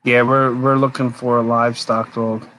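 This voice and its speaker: A man's voice: medium pitch, little pitch movement, moderate pace, a bit bright, a little hiss or hum, low-quality recording. A man hosting a casual late-night live stream, rambling, answering viewers' comments, tired and yawning. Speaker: homesteader live-stream host.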